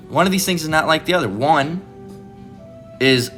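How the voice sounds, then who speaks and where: A man's voice: medium pitch, very animated, unhurried, long pauses, a bit bright, soft background music. A man giving informal, blunt preaching commentary, often restarting and asking "all right?".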